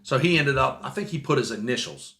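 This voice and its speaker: A man's voice: medium pitch, lively intonation, brisk, fairly bright tone, reverberant, slight background noise. A man telling a long story as a guest, rambling with restarts and casual swearing.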